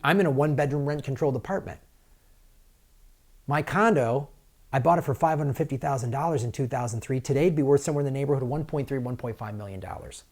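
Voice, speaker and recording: A man hosting a political commentary show, ranting angrily and sarcastically, mocking politicians and swinging from loud outbursts to low mutters. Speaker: comedian and political commentator host.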